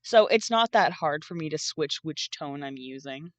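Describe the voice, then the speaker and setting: Still half-asleep, this young streamer and artist rambles through casual live-stream chat as she draws, dropping the occasional swear word. She speaks at a normal speed in a deep, lively voice, and the muffled recording has no echo.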